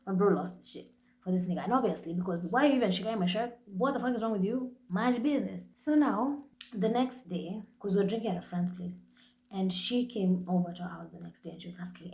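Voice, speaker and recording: A woman's voice: mid-range voice, fairly quick, reverberant. Blunt Kenyan woman, casual and profane. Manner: blunt, profane, animated storytelling. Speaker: podcast host. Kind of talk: casual monologue.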